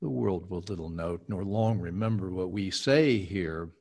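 A male podcast host reciting a historic speech slowly and deliberately, then chatting haltingly about it with his coach. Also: low voice, darkish tone, breathy edge. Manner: slow, measured recitation, halting in chat.

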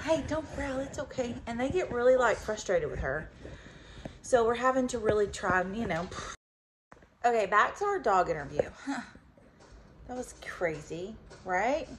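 A woman chatting casually at home about her pets, animated, slipping into baby talk with the dogs. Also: on the high side, slight background noise, low-quality recording. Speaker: vlogger and dog owner. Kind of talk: casual chat.

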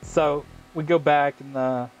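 Hosting a gaming video, a man chats casually while racing, spinning a long story laced with profanity and slang fillers. His voice sits on the high side, steady in tone and slow-paced. The audio is dull.

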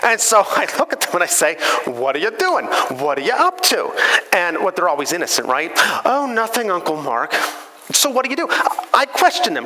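A man pastor preaching a sermon in a conversational, animated storytelling way, in a church sanctuary. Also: very high voice. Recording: church hall reverb.

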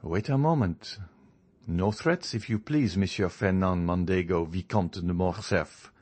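A man voicing a calm, faintly mocking young male journalist in an audiobook, speaking in a composed, measured way. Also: sits low. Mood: cool. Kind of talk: audiobook character reading.

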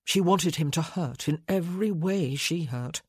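A woman narrating an audiobook in a measured, unhurried reading. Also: deep voice, breathy edge, dry recording, studio quality.

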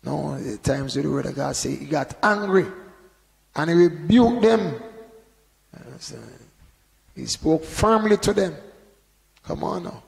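Gravelly man preaching in a reverberant hall. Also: a little high, measured pace. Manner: conversational preaching with frequent "you know" and sudden loud emphasis. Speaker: Bible teacher. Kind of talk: informal sermon.

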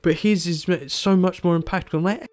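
A young man casually commentating over his gameplay, animated and exasperated, acting out his own reactions. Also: on the high side, fairly quick. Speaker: gaming YouTuber. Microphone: desktop mic, no camera.

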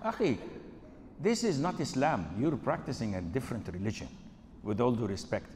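A man's voice: medium pitch, lively intonation, normal speed, darkish tone, slight background noise. Man preaching in a reverberant hall. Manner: acts out dialogues in storytelling. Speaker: Islamic preacher answering questions. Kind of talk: humorous Q&A talk. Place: Islamic center lecture hall.

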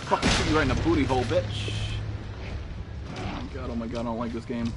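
A man streaming a horror game, panicking, yelling and swearing heavily as he plays. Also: mid-range voice, fast, heavy background noise. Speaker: gamer streamer. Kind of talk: horror game live commentary. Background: game music and sound effects.

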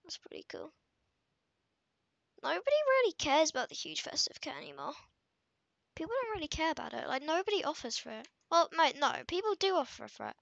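A woman talks through her gameplay in loose, filler-heavy commentary, often trailing off self-consciously. Her voice sits a little high and comes across sharp and bright, with a gravelly fry running through it. The sound is dry and close. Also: huge pitch swings, quick pace, dry recording, dull audio. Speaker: gaming video creator.

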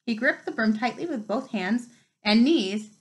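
A woman reads a novel aloud, her voice set somewhat high. She tells it expressively, lifting her pitch with the action. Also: animated, normal speed, poor audio. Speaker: reader.

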